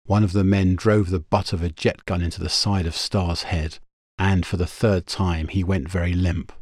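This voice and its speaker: Deep-voiced man reading a story. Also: steady tone, moderate pace, a little mellow, dry recording, studio quality. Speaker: narrator. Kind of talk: audiobook reading of pulp science fiction.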